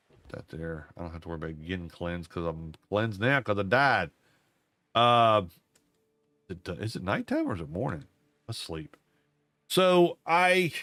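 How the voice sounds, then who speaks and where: An older man who hosts a gaming channel tells a rambling, folksy story while playing a game at home, repeating himself along the way. His voice is lowish and a bit bright, and the recording is dry.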